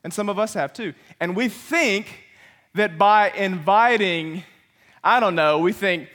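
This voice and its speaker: A man preaching a sermon as pastor, playful and animated, acting out little voices as he goes. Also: high-pitched, unhurried.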